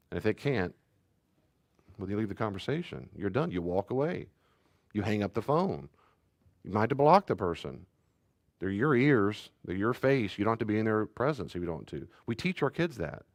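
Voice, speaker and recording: A man's voice: lowish voice, big pitch swings, brisk, no echo, clean studio sound. A pastor giving a conversational sermon, acting out short exchanges between parents and children and sometimes raising his voice for emphasis.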